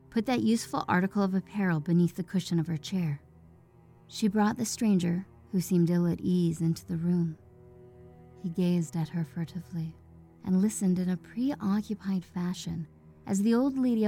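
A woman narrates a story in a warm, mellow voice, measured and even. Faint music plays softly in the background. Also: mid-range voice.

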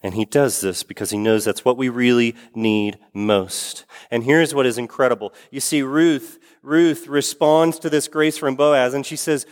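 A man's voice: medium pitch, measured pace, hardly any pauses. A man preaching a sermon as pastor in a church sanctuary, earnest, repeating key phrases for emphasis. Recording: long hall reverb.

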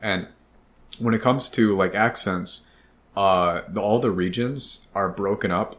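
A man's voice: on the low side, measured pace, a bit bright. A man with a Midwestern American accent, rambling in casual chat as a podcast co-host, swearing and restarting his sentences.

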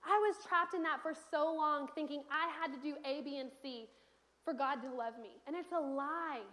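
A woman's voice: sits high, moderate pace, fairly bright tone. A young woman preaching a sermon in a church, telling stories earnestly with casual fillers. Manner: earnest storytelling with conversational fillers. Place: church sanctuary.

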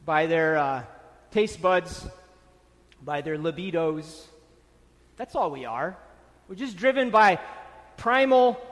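A man's voice: high-pitched, a bit bright. A man preaching a sermon, stressing and repeating key phrases for emphasis. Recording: long hall reverb.

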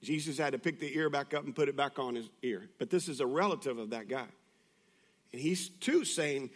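A male pastor preaching a sermon in a conversational way, moving from hushed, intimate passages to loud, urgent appeals. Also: fairly high pitch, very animated, a little fast. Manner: conversational, with restarts and asides.

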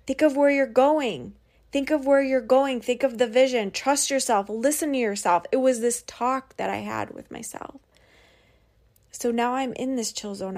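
Young woman coach talking on her podcast, kinda high voice, super candid, swears a lot, lots of "like". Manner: candid and animated, with frequent "like" and swearing. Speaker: podcast host and business coach. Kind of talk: casual personal monologue.

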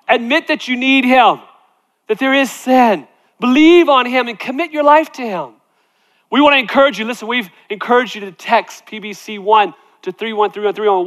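A man's voice: very high-pitched, a bit bright. A middle-aged male pastor preaching emphatically, repeating phrases and tossing in "right?" asides. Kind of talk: sermon. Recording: long hall reverb.

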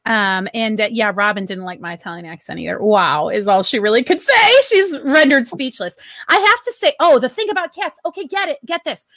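A playful middle-aged woman co-hosting a relaxed chat, teasing her friends and reading listener comments aloud. Her voice sits a little high for a woman. It is recorded close and dry, with no room sound. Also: no room sound. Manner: playful, quick to laugh, teasing. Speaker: podcast co-host.

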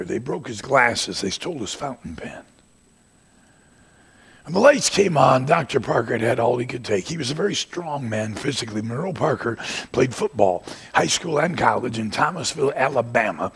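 An older preacher delivers a sermon in a gravelly, very husky voice. He builds to loud shouted peaks, then sinks back into low asides. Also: big pitch swings, normal speed. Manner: rising to shouts, then dropping to quiet asides.

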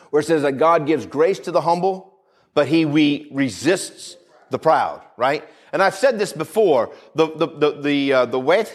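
A man preaching a sermon with emphasis, repeating phrases, dropping low and quiet for weight, and calling out for the congregation's amens. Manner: emphatic, repeats phrases, calls for "Amen?" responses.

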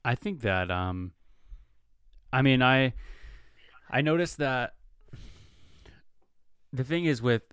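A man's voice: medium pitch, expressive, slow pace, long pauses, a bit bright, clean tone, no room sound, clean studio sound. A man hosting a casual chat, talking reflectively with loose fillers.

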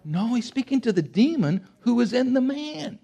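Animated gravelly preacher in his sixties. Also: very high voice, normal speed. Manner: animated, emphatic, swings between loud bursts and quiet asides. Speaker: pastor. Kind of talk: sermon.

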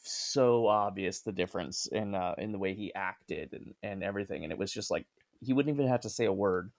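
A man's voice: sits low, a little fast, creaky. A man in casual chat, giving his opinions in a loose, rambling way.

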